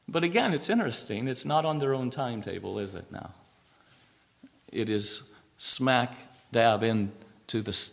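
A man preaching a sermon, reading scripture slowly and swinging between a hushed voice and raised, emphatic lines. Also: mid-range voice. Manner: reads scripture aloud with slow emphasis.

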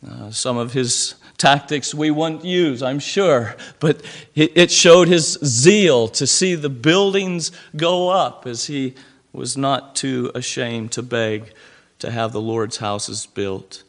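A male preacher telling a story in a sermon, pausing now and then with "uh" fillers. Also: mid-range voice.

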